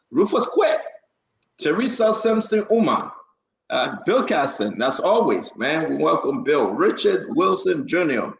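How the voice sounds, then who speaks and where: Greeting viewers by name on his live talk show, this New Jersey-area host and preacher trips over difficult names as he reads them out. He sounds on the high side, gravelly and a bit bright, with reverberant, poor-quality audio.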